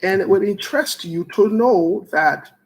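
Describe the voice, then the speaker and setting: A man's voice: high voice, rough recording. A man hosting a call-in talk show, greeting callers one by one and then turning to political commentary. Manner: greets callers by name in a steady string, joking asides; slow, deliberate delivery.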